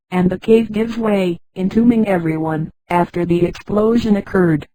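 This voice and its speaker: Female text-to-speech narrator, warm dark tone, dry close sound, reads punctuation aloud. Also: medium pitch, dry recording, poor audio. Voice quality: flat synthetic reading that voices punctuation marks aloud. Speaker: audiobook narrator. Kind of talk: scripted narration.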